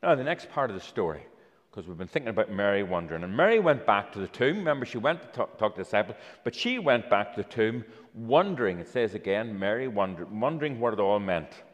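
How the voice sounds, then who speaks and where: A man's voice: on the low side, sing-song, quick pace, long reverb tail, highs cut off. A man preaching a children's talk sermon, telling the story and inviting listeners up to taste props.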